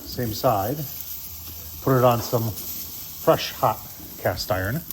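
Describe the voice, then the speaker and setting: A man's voice: mid-range voice, takes it slowly, slight background noise. Folksy man reviewing a grill. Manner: folksy, chatty, addresses viewers as folks. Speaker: grill reviewer and channel host. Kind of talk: casual cooking review.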